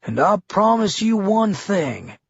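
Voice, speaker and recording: A man voicing a menacing one-armed male town leader with a gravelly Georgia twang and exaggerated, theatrical enunciation, pitched higher and louder than his own husky voice. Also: very animated, slow pace, dull audio, heavily acted. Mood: ominous warning.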